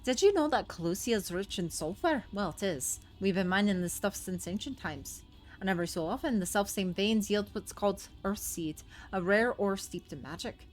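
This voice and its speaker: A woman voicing a gruff, blunt older male dwarf chief with a put-on rough folksy accent, reading game dialogue. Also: mid-range voice, expressive, moderate pace, soft background music, close to an everyday voice. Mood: explaining.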